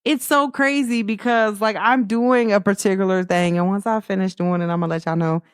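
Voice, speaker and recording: A woman's voice: medium pitch, moderate pace, clean tone, no echo, clean studio sound. A young woman, hosting a casual spiritual pep talk and acting out quoted voices with frequent laughs. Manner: animated storytelling, acts out quoted voices, laughs often. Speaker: host.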